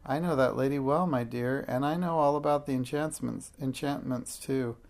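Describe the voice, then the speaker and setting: A man's voice: mid-range voice, fairly even intonation, gravelly, a little mellow, lightly acted. A man reading a storybook aloud and voicing a vain, touchy tiny female fairy in a thin, piping voice. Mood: smug, boastful. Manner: boastful and preening, quick to take offence.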